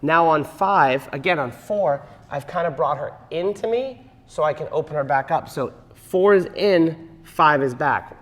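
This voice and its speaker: A man's voice: fairly high pitch, a little slow, hardly any pauses, fairly bright tone. A man teaching a partner dance class, explaining moves and counting the beats aloud. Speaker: dance instructor. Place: dance studio. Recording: long hall reverb.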